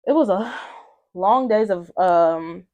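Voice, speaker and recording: A young woman from Atlanta, a podcast guest telling a family story in a lively way and acting out the voices of her relatives. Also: medium pitch, slow, phone-quality sound. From Atlanta, Georgia. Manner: animated, acts out family members' voices. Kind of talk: casual storytelling.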